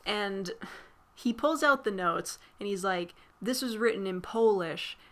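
A woman's voice: medium pitch, unhurried. A woman casually recapping a film's plot, rambling with constant fillers and frequent swearing. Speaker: movie recap vlogger.

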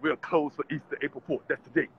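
A man's voice: on the high side, flat delivery, fast talker, lo-fi sound, slight background noise. A man, vlogging on city streets in a brash, profane, laughing rant. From Louisiana. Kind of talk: casual street vlog rant.

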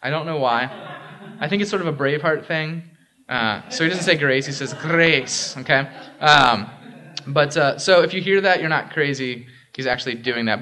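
A man's voice: fairly high pitch, bright, forceful tone. Casual, chatty male pastor. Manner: casual and interactive, frequent "right?" and "um". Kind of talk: conversational sermon with audience questions. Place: church sanctuary.

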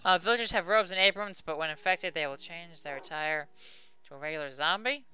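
A man's voice: a little high, brisk, bright, forceful tone, soft background music. A man hosting a casual let's play, chatting to viewers and poking fun at himself. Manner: chatty and self-mocking, talks to viewers.

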